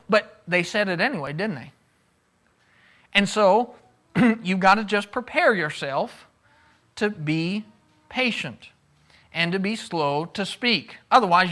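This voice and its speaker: A pastor with a high, bright, forceful voice talks through his sermon conversationally. Questions go out to his listeners, and he performs quotes rather than just reading them.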